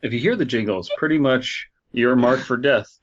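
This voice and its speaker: A man co-hosting a comedy podcast, reading a spooky story and dropping deadpan, absurd quips. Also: medium pitch, normal speed, dull audio. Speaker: podcast co-host.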